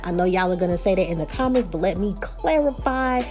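A woman's voice: lowish voice, animated, fairly quick, a little mellow, faint music behind. A woman with a Texas accent recapping and reviewing a reality show, chatty and opinionated, talking straight to her viewers. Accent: Texan.

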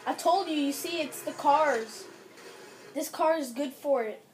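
A woman chatting casually with friends while gaming, loud and excitable, swearing freely. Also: high-pitched, unhurried, a little hiss or hum, low-quality recording. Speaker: gamer playing with friends.

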